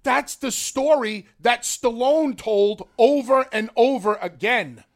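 Very high-voiced emphatic man. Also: slow pace. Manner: emphatic storyteller who acts out lines in character. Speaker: podcast co-host. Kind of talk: casual chat.

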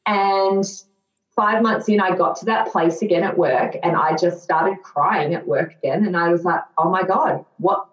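A woman's voice: on the low side, steady tone, moderate pace. A woman in her thirties, a guest telling her own story candidly, reflective and earnest with flashes of self-mocking sarcasm. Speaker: podcast guest. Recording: dull, roomy lo-fi recording.

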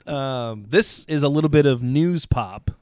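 A man's voice: mid-range voice, a little slow, darkish tone, dry recording. A male podcast co-host with a mid-range voice, chatting casually and slipping in dry, sarcastic asides. The sound is close and very dry, with no room around it. He moves between reading the news and loose banter.

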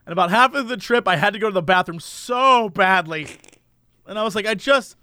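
Bright, high-voiced playful young man. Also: lively intonation, no echo, studio quality. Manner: playful, quick reactions, jokey asides. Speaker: podcast co-host. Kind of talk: casual chat.

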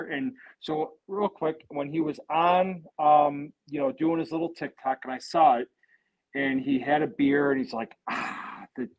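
A man's voice: medium pitch, darkish tone, poor audio. A man who is a guest on a casual podcast, telling stories in a rambling way and swearing freely.

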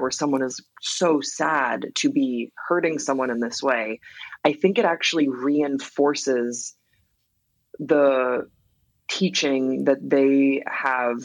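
Gravelly-voiced woman guest, reflective. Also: rumbling low, no echo, rough recording. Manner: reflective, filler-heavy, frequent laughs. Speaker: guest songwriter. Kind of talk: candid interview conversation.

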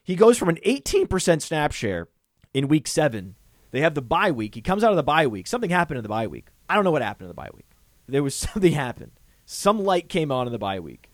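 Excitable man rattling off lists. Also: on the high side, fast talker, no room sound, studio quality. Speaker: podcast co-host. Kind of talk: casual podcast discussion.

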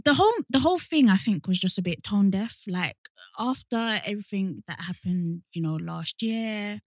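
A woman co-hosting a podcast, calm and thoughtful, often agreeing. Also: mid-range voice, moderate pace, no echo, clean studio sound. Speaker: podcast co-host. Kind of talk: casual chat.

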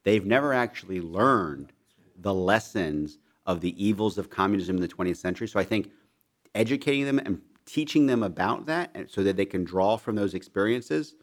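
A young man with a very low, deep voice speaks as an interview guest. He talks earnestly and keeps restarting his phrases. His delivery is serious. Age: young adult. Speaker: foundation leader, guest. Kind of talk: interview discussion.

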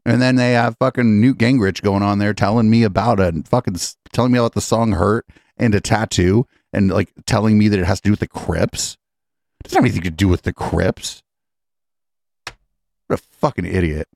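Here a man speaks a little fast in a lowish, darkish voice with vocal fry, hosting a podcast where he sarcastically comments on political clips. He sounds incredulous, mocking and profane, and the studio recording is clean and dry.

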